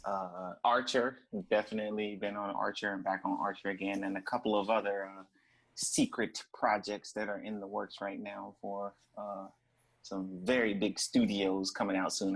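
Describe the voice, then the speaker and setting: A man with a fairly low voice, interviewed as a guest artist. He talks in a relaxed, playful way and laughs easily. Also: low-quality recording. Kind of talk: casual interview.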